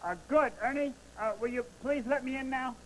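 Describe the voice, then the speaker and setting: A man's voice: very high voice, steady tone, normal speed, low-quality recording. A man voicing Bert, a fussy, easily exasperated male puppet roommate with a nasal, fretful voice in a children's TV puppet sketch. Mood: pleading. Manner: nasal, fretful, spirals into frantic yelling.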